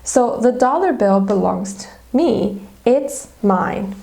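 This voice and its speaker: A woman's voice: on the high side, lively intonation, takes it slowly, gravelly, dark tone. A woman teacher giving a grammar lesson video, explaining methodically step by step with examples.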